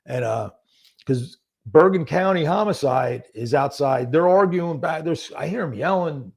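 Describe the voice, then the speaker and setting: A man with a gravelly, husky voice tells his story conversationally. He is animated and acts out other people's lines. His speech is casual and full of fillers. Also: a little high, measured pace. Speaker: podcast guest, former narcotics detective.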